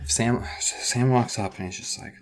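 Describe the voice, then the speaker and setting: A man's voice: mid-range voice, fairly even intonation, normal speed. A man co-hosting a podcast, recapping a book in casual chat full of profane jokes and asides. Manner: joking, profane, rambling asides. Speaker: podcast co-host.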